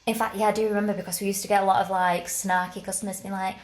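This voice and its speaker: A woman's voice: mid-range voice, flat delivery, racing, reverberant, low-quality recording. A woman co-hosting a podcast in casual chat, rambling and correcting herself with frequent giggles. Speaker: podcast co-host.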